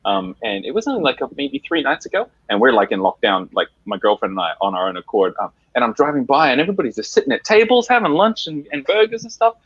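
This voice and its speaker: Animated, husky man, dull sound. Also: mid-range voice, quick pace, few pauses, dry recording. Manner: animated storyteller. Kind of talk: casual chat.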